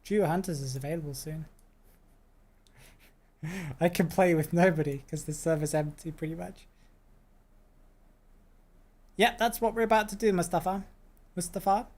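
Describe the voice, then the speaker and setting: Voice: mid-range voice, normal speed, pauses often, darkish tone. A game streamer chatting on a live stream, thinking aloud, answering chat and laughing often. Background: background stream music.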